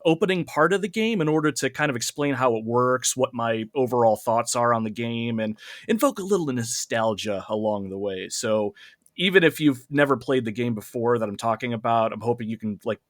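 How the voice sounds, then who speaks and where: A man's voice: mid-range voice, lively intonation, a little fast, no echo, studio quality. A man guesting on a casual podcast, talking in an upbeat way and joking at his own expense. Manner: upbeat, self-deprecating joker.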